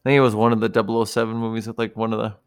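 A man's voice: on the low side, flat delivery, rapid-fire, clear, resonant tone. Swearing, rambling man in casual chat. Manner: profane, rambling storyteller. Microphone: video call.

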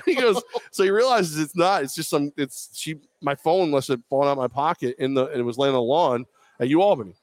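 A man's voice: on the high side, expressive, brisk, dry recording. A man co-hosting a live podcast, telling a long self-deprecating story in casual chat. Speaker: podcast co-host. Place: bar or venue, live show.

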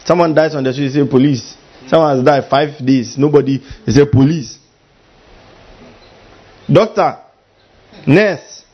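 A man preaching a sermon as pastor, animated and full of mimicry, with a husky voice. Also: a little high, unhurried, pauses often, dull audio.

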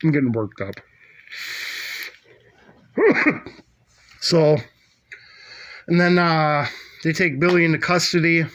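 A man's voice: fairly high pitch, slow, pauses often. Profane man rambling through a movie recap. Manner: profane, rambling, animated retelling with fillers.

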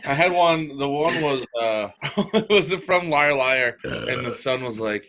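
A man in casual chat, teasing his friends with deadpan jokes. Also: medium pitch, unhurried.

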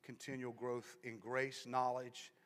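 A man preaching a sermon in church, repeating himself as he builds from soft talk to loud, fervent preaching and back down. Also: mid-range voice, little pitch movement, unhurried. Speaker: pastor. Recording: long hall reverb.

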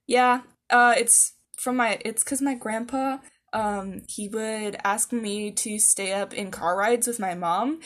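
Young woman, casual chat, soft and earnest, hesitant, a bit high-pitched. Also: steady tone, slow.

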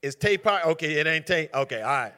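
Man leading a church Bible study; bright, lively teacher, conversational and emphatic. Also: on the high side, fairly quick. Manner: calls on members by name, conversational and emphatic. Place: church group gathering.

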